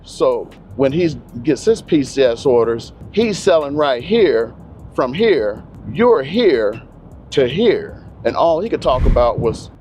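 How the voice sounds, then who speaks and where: A man's voice: mid-range voice, big pitch swings, measured pace, a little mellow, soft background music. A man who works as a real estate agent, casually explaining market value and retelling a talk with a client. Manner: conversational, acts out both sides of a dialogue.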